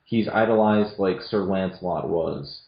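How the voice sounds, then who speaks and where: Animated low-voiced man in an echoey room. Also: unhurried, gravelly. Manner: animated, blunt opinions with many restarts. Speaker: co-host. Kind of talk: casual film review chat. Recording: dull lo-fi sound in a roomy echo.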